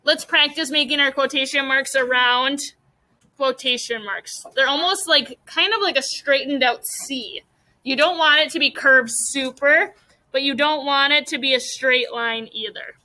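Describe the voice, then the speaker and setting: Young lady teacher, high bright voice, patient, asks the class lots of questions. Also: measured pace, poor audio. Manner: patient, guiding questions to students. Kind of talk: classroom mini lesson.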